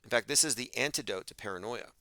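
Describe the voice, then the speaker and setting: A man's voice: mid-range voice, fast talker, sharp tone, no echo. A man hosting a livestream, delivering an emphatic, argumentative monologue and reading out chat comments. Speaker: podcast host.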